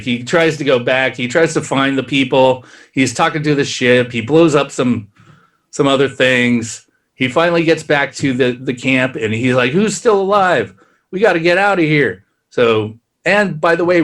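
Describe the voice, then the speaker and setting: A man co-hosting a podcast, casually recapping a plot in a rambling way and acting out characters' lines in quick asides. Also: mid-range voice. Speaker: podcast co-host.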